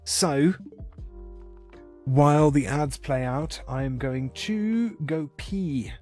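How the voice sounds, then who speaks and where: A man's voice: fairly high pitch, slow pace, darkish tone, faint music behind. A man chatting casually with viewers during a live game stream, rambling and correcting himself as he goes.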